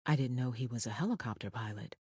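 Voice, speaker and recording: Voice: mid-range voice, fast talker, husky, no room sound, studio quality, voice pushed down, natural voice. An audiobook narrator voicing a polite, careful woman private investigator on a phone call. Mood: businesslike.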